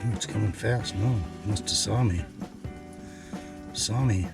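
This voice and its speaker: A man narrating a fishing vlog from an ice fishing shelter. He murmurs softly to the fish and breaks into excited exclamations. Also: on the low side, unhurried, creaky, over loud music. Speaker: fishing vlogger.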